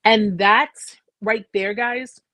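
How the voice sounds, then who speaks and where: A woman's voice: medium pitch, fairly even intonation, drawn-out words, bright, forceful tone, no room sound. A woman hosting a live chat, telling her own story with emphatic repetition and frequent "okay?" asides. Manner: emphatic, repeats phrases, asks "okay?". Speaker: host sharing a survivor story. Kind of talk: emotional personal storytelling.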